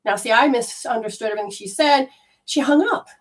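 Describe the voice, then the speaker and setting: A woman telling a personal story in a casual, animated way, swearing freely and acting out her own panic. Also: on the high side, a little fast.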